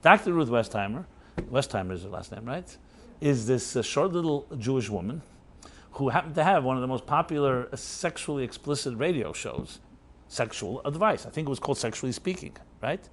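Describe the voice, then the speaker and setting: A man's voice: mid-range voice, lively intonation, brisk. A man, a rabbi, telling a story to a workshop audience in a loose conversational way, full of fillers, chuckles and tag questions. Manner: anecdotal, chuckling, filler-heavy.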